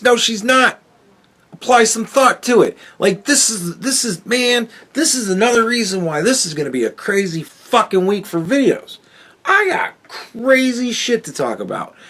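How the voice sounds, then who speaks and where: A man's voice: high-pitched, a bit bright. A man hosting a solo commentary podcast, ranting in a profane, sarcastic, exasperated way. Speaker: podcast host.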